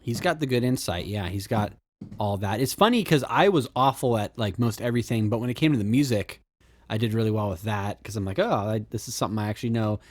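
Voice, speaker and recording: A man's voice: on the low side, quick pace, no room sound. A man co-hosting a podcast in casual chat, rambling with fillers and restarts. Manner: rambling, frequent fillers and restarts, laughs often. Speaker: podcast co-host.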